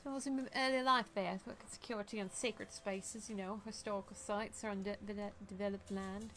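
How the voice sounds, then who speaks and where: A woman's voice: mid-range voice, fairly even intonation, fairly quick, fairly bright tone, a little hiss or hum, lightly acted. A woman voicing a tough, brash female mercenary with a shotgun, putting on a swaggering, blunt accent. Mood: gruff storytelling.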